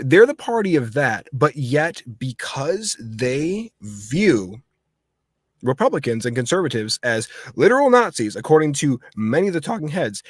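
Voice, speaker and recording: A man's voice: fairly high pitch, dry recording, studio quality. A man hosting a casual political livestream chat, talking in a rambling, heated way with many restarts. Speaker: host.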